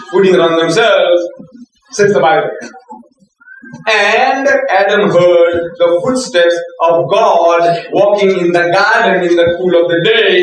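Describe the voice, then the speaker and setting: A man's voice: sits high, a bit bright, slight background noise. An older man giving a religious lecture to students, telling stories animatedly, breaking into laughter and acting out quotes. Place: lecture hall. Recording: echoey hall from far off.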